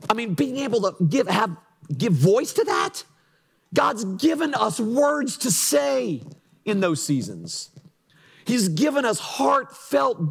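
A middle-aged man preaching a sermon as pastor in a church, swinging from pleading outbursts to hushed, reflective lows. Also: gravelly, breathy edge. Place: church sanctuary.

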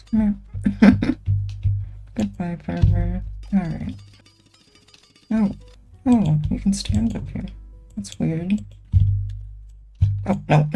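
A young woman chats her way through a video game in a slow, mellow voice, giggling often and teasing the characters on screen. Her delivery is playful and unhurried. Faint music plays underneath. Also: lowish voice. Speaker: gaming streamer. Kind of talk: casual gameplay commentary.

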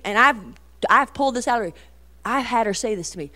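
A middle-aged woman giving a folksy, animated talk to a women's meeting, storytelling with many asides. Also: medium pitch, brisk. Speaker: Christian women's speaker.

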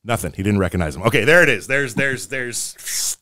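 A middle-aged man co-hosting a casual podcast, telling dad jokes in a playful, animated way. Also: mid-range voice, brisk, no echo, studio quality. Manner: jokey, animated storyteller, acts out voices in jokes.

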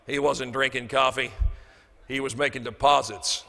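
Lively, bright-voiced man telling stories on stage. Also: mid-range voice, moderate pace, vocal fry. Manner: animated, acts out quoted dialogue. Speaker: motivational speaker. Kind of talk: humorous keynote storytelling. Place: banquet hall. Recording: reverberant hall.

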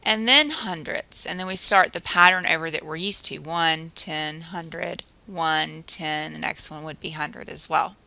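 A woman teacher narrating a recorded math lesson, explaining patiently and counting through drills slowly. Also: low voice, vocal fry, pushed and bright, poor audio.

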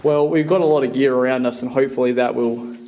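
A man's voice: mid-range voice, steady tone, fast, warm tone. A young man investigating a haunting outdoors, earnestly coaxing and politely questioning unseen spirits. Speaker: paranormal investigator vlogger. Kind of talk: casual ghost-hunt narration and questions to spirits. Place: outdoors at an old stone bridge. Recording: echoey, far from mic, faint noise.

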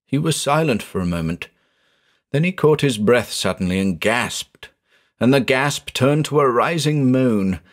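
A man narrating a horror story in a measured, dramatic storytelling manner. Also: mid-range voice, animated.

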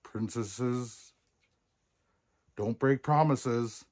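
A man's voice: mid-range voice, extremely slow, a little mellow. A man voicing a stern older king who insists on promises.

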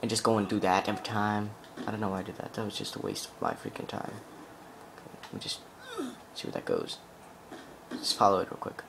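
A man's voice: lowish voice, very animated, a little fast, vocal fry, pauses often, background noise. A young man giving casual, rambling gameplay commentary full of "like" fillers and swearing as he plays. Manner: rambling, profane, heavy on "like" fillers.

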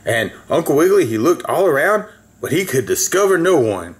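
A man's voice: fairly high pitch, sing-song, a little fast. A man reading a children's story aloud in a folksy way, with asides to the listener.

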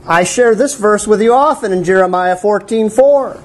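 A male pastor preaching a sermon in a church, animated, with wry asides to the congregation. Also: high voice, measured pace, hardly any pauses, a little hiss or hum, poor audio.

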